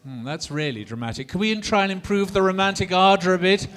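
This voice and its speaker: A man's voice: sits high, lively intonation, quick pace, a bit bright. Theatrical male opera lecturer, coaxing. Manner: theatrical, coaxing, sings and demonstrates phrases. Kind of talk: lively classroom lecture with audience participation.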